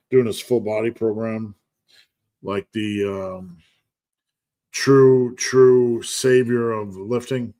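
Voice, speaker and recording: A man's voice: medium pitch, darkish tone. A man hosting a live podcast Q&A, reading viewer comments aloud and answering them in a casual, joking way with frequent laughs. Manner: laid-back, jokey, reads chat comments aloud and laughs often. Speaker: podcast host answering live chat questions.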